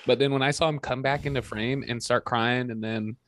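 A man's voice: medium pitch, fairly quick, no room sound, clean studio sound. Jokey man acting out movie scenes. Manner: jokey, animated, acts out scenes. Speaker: podcast co-host. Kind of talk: casual movie chat.

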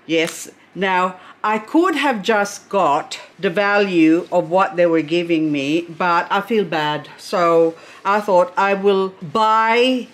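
A woman's voice: lowish voice, slow pace, hardly any pauses. A middle-aged woman chatting casually as she unboxes succulents, gushing over each plant with chatty asides.

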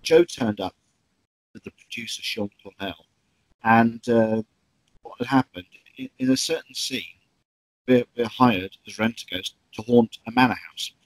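A man's voice: medium pitch, measured pace, long pauses, no room sound, poor audio. A man, a stage actor recalling stories in an interview, chatty with many ums and restarts. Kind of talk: interview anecdotes.

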